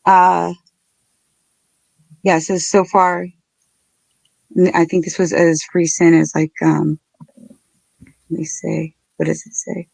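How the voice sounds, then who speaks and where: Earnest, halting woman streamer. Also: lowish voice, level tone, gravelly, a little mellow, dry recording. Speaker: livestream host. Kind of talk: casual livestream commentary.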